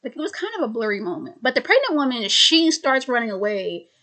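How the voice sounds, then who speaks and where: A woman's voice: on the high side, very animated, a little fast, sharp tone. A young woman casually recapping a film, stuttering and restarting words often. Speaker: video creator.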